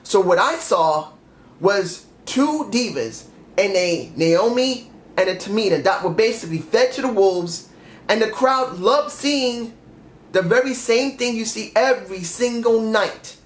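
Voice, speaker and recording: A man's voice: sits high, animated, a little slow, slight background noise. A man reviewing a wrestling show on his own, ranting in frustration and stopping to correct his own slips. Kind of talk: solo review rant. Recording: echoey room.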